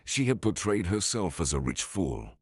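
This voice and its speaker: A man narrating a scripted story in an even storytelling delivery. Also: deep voice, moderate pace, husky, no room sound, faint music behind.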